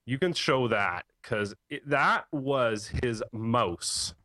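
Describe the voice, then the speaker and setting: Man, animated storyteller, laughs a lot, dry close mic, mid pitch. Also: slow, dry recording. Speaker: podcast host, computer repair tech. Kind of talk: casual chat, storytelling.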